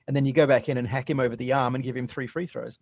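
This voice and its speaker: A man giving casual color commentary on a basketball game with a gravelly, creaky edge to his voice. He talks through each play in a relaxed, explanatory way. The sound is dry and close-miked. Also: medium pitch, rapid-fire, no room sound.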